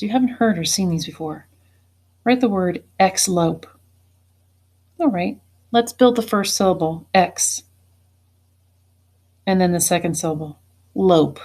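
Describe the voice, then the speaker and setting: Slow, deliberate woman giving spelling dictation. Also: fairly low pitch, a little mellow. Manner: slow, deliberate, repeats each word. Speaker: teacher.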